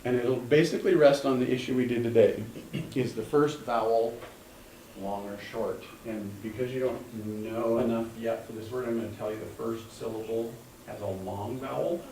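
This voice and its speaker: A man's voice: mid-range voice, steady tone, moderate pace, warm tone, recorded from a distance. A male teacher in a classroom, patiently explaining step by step and calling on students. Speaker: Hebrew teacher. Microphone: room mic from a distance. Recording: echoey classroom, recorded from afar, faint hum.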